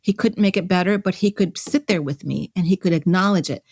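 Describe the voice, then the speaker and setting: A woman's voice: on the low side, brisk, a little mellow, dry recording, clean studio sound. A woman speaking as a guest on an interview podcast, reflective and emotional, often restarting her sentences as she searches for words. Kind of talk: candid conversational interview.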